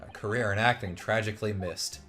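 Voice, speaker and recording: A man's voice: fairly low pitch, fairly even intonation, brisk, pushed and bright. A man hosting a casual let's play with his wife, joking and laughing easily as he reads. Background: faint game music.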